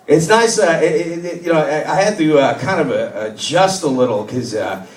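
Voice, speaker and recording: A man's voice: fairly high pitch, expressive, moderate pace, slight background noise. A man from Massachusetts doing stand-up comedy in a club, telling rambling, raunchy stories. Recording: echoey club, distant mic, laughing crowd.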